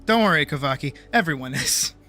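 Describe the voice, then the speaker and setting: Faint music plays behind a woman streamer chatting casually on a live stream. Her low voice is a little fast, and she is animated, swears a lot, and mocks herself.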